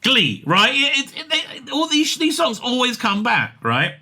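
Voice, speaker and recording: An excitable man rambles through comic commentary on an interview, laughing often and leaning on fillers. His very high-pitched voice is slightly rough, and he takes his time.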